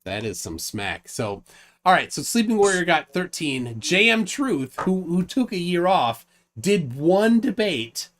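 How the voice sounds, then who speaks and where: A man's voice: sits high, very animated, measured pace, a bit bright. Male host of a casual online stream, reads lists aloud, loose and rambling. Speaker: livestream host. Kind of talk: casual livestream chat.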